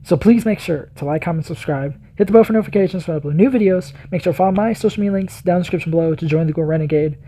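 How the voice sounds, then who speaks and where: A man's voice: high voice, rapid-fire, few pauses, dark tone. A man hosting a reaction video, giving enthusiastic, rambling commentary full of fillers.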